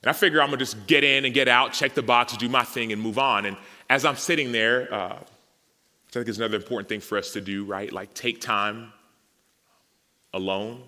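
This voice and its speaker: At a men's gathering in a big, echoing hall before an audience, a man with a medium-pitched voice shares his personal testimony at a moderate pace. As a storyteller he acts out dialogue, becoming more emotional and animated.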